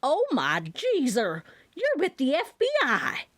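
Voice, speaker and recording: Woman doing a high, slow, excitable nosy mom, loud and demanding, storybook reading. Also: no room sound, heavily acted. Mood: alarmed. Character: excitable nosy middle-aged Southern mother.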